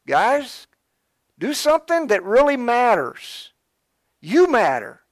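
A man's voice: high-pitched, dry recording, studio quality. A male pastor preaching a sermon, fervent and exhorting, speaking directly to his congregation. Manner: fervent, exhorting, urgent early and quieter and reflective later.

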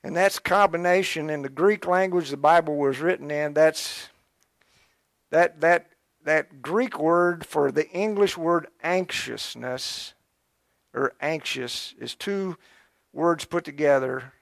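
A male pastor delivering a sermon in a fervent, exhorting way, with a slightly high voice. The sound is dry and close. He speaks straight to his listeners and urges them on. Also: takes it slowly, gravelly, no room sound. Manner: fervent, exhorting, urgent early and quieter and reflective later.

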